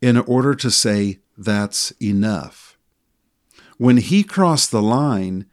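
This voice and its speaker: A middle-aged man co-hosting a podcast, telling a story from his work as a sports official in a calm, measured way. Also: on the low side.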